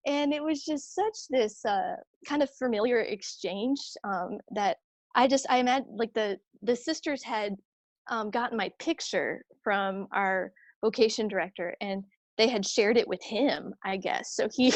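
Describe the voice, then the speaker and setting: Woman, sister telling a story, animated, quoted voices, higher voice, dry close recording. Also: measured pace, no echo. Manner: chatty, many fillers and restarts. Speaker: religious sister, guest. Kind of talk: storytelling in a conversation.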